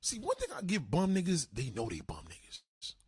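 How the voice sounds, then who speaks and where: A man ranting on a livestream, foul-mouthed and animated. His husky voice swoops up and down as he talks, and the sound is dry and close. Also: on the high side, moderate pace, no echo. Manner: profane, animated, swinging delivery. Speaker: livestream host. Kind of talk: ranting comedic commentary.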